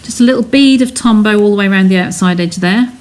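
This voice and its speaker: A woman's voice: medium pitch, quick pace. English woman, craft demonstrator, chatty and step-by-step, faint background noise. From England. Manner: chatty, narrates each step while reading live comments. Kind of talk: live card-making demonstration.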